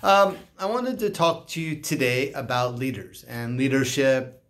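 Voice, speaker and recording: Man, life coach, slow unhurried delivery, halting restarts, casual talk to camera. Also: mid-range voice. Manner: slow, halting, acts out dialogue in animated voices.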